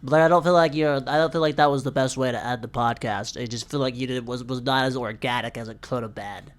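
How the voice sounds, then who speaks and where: Brief: nagging male critic, quick and disapproving, as a podcaster puts him on, slightly off-mic. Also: medium pitch, fairly even intonation, pitched below the performer's own voice, lightly acted.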